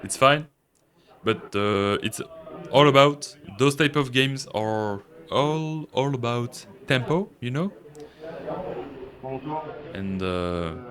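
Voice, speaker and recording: A man with a French accent, a native French speaker, giving casual, relaxed commentary on a card-game match and thinking aloud as he goes. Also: medium pitch.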